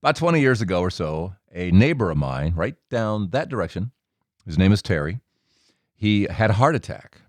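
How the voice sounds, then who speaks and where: Animated storytelling man, lively pitch. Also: moderate pace, no echo. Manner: animated, acts out dialogue with big pitch jumps. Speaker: podcast host. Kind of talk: storytelling monologue.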